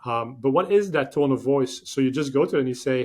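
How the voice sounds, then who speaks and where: A man in a podcast interview talks through his ideas with eager, rambling energy. His pitch sits in a middle range, and he leans on fillers and quick restarts as his thoughts tumble out. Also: darkish tone. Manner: enthusiastic, rambling explanations with many fillers. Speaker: podcast guest. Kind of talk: conversational interview.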